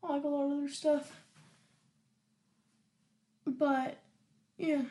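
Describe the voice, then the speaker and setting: A woman's voice: high voice, little pitch movement, slow, dark tone. A woman hosting a podcast, chatting casually about a song in a hesitant, giggly way that often trails off. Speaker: podcast host. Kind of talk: casual music reaction chat.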